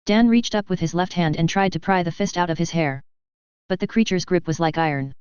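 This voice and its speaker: A narrator reading action fiction aloud in a steady, even storytelling manner, on a slightly dull recording. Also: mid-range voice, a little fast, clear, resonant tone, no echo.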